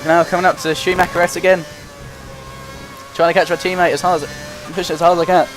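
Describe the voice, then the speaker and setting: A young man giving running play-by-play commentary while playing a racing game, getting excited and frustrated as he drives. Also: high-pitched, fast. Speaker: gaming commentator. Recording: loud game music behind the voice. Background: game music and engine noise.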